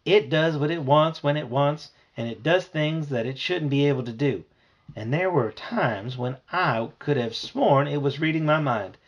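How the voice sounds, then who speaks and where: A man reading aloud and voicing a polite, gentle grandmotherly retired teacher with a husky voice. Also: a little high, moderate pace, muffled recording. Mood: confiding, worried. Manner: gentle, fussy, hospitable.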